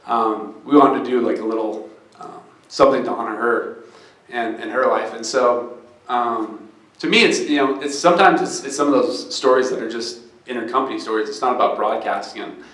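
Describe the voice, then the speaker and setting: Man, startup founder, earnest storyteller, live event talk, mid-pitched, echoey room. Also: moderate pace, fairly bright tone. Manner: earnest and storytelling, gets choked up, many restarts. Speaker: startup founder speaking on stage. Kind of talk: live fireside chat. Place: event venue with an audience.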